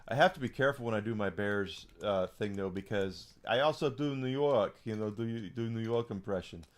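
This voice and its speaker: A man's voice: fairly low pitch, normal speed. A man live-streaming a game, chatting casually and rambling to his chat between plays. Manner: rambling, chatty, talks to chat while playing.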